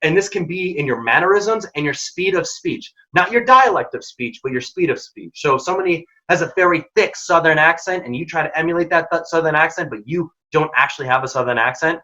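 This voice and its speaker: A man's voice: fairly high pitch, fast, sharp tone, muffled recording. A man leading a workshop on workplace conflict, speaking directly and energetically, sometimes acting out quoted dialogue. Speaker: workshop presenter. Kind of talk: career advice talk.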